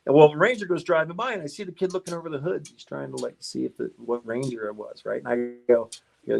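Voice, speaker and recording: A man's voice: on the high side, fast, creaky, darkish tone. Chatty middle-aged man telling stories. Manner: chatty, laughs often, rambling with restarts. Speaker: podcast guest, car YouTuber. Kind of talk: casual interview storytelling.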